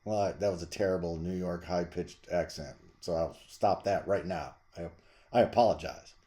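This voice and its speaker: A man's voice: sits low, moderate pace. Rambling middle-aged man raving about records. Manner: rambling, enthusiastic, with jumps to loud emphasis. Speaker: vlog host reviewing records. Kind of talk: casual record-collection chat.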